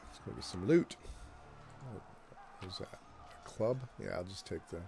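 A man giving relaxed gameplay commentary, thinking aloud and reading game text as he plays. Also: low voice, a little slow, vocal fry, background noise. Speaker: gameplay host.

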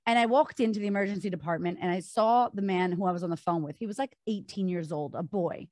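A woman's voice: lowish voice, fast talker, darkish tone, no echo. Candid woman telling her story, dry sound. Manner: candid, frequent "like" fillers. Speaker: podcast guest. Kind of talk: personal storytelling in an interview.

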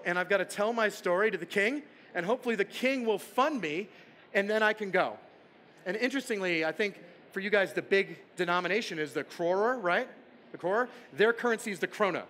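A man giving a storytelling keynote at a conference, playful and quick to toss rhetorical questions at the audience. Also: high-pitched, a bit bright. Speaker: conference speaker. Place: conference stage.

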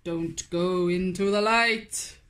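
A woman voicing a grave, protective vampire father in a children's storybook, speaking low and slow in warning. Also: a bit bright, slight background noise. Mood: stern.

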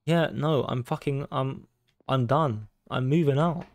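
A man's voice: medium pitch, unhurried, a little mellow, no echo. A man playing a horror game on his channel, swearing constantly, reacting jumpily and reading game text aloud. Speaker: gaming YouTuber. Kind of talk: horror game let's play commentary.

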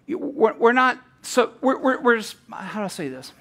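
Male pastor, very high voice, chatty sermon with asides. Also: big pitch swings, normal speed, fairly bright tone. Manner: conversational preaching with asides and repeated restarts.

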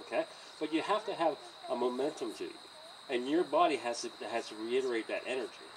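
A man training a horse outdoors by a trailer, coaching a student in an encouraging, animated way and often laughing. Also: medium pitch, brisk. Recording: distant outdoor mic with insect noise.

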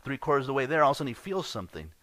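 A man's voice: medium pitch, sing-song, rapid-fire, fairly bright tone, no room sound. A man preaching a sermon as pastor, earnest and conversational, often restarting his words.

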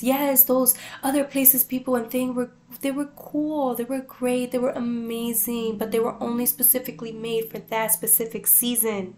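A woman with a fairly high voice gives a casual tarot reading to her viewers. She talks in an animated, playful way, swearing freely and often laughing. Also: normal speed, few pauses. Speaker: tarot reader.

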